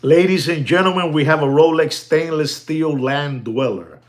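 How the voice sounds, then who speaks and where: A middle-aged man giving casual, animated commentary on the watch market, peppering his talk with "you know" and the odd Spanish phrase. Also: a little high, normal speed. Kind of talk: casual talking-to-camera commentary.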